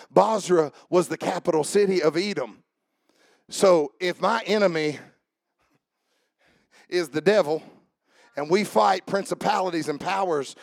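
A pastor preaching with a high, gravelly voice. He swings from loose asides to loud, shouted refrains. The sound is close and dry. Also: no echo. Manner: builds to shouted, preaching climaxes. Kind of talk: sermon.

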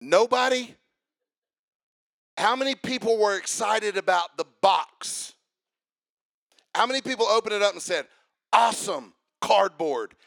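Man, preacher, high voice, gravelly, shouting sing-song sermon, call-and-response. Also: a little slow, long pauses. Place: church.

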